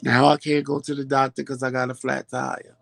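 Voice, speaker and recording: A man hosting a vlog, telling a story in a dramatic, profane, animated way, his voice going hoarse. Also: mid-range voice, brisk, no room sound. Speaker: vlog host. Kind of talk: casual storytelling chat.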